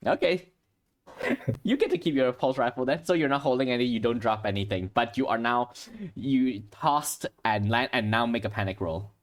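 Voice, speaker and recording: A man's voice: medium pitch, normal speed. A man running a tabletop sci-fi horror game as game master, narrating action and explaining rules with frequent restarts. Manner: steady, explains rules, restarts mid-phrase.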